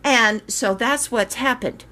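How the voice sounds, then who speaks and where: An older woman casually telling a story to her viewers, chatty and animated, acting out the quoted voices. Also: fairly high pitch, takes it slowly. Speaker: reborn doll maker vlogger.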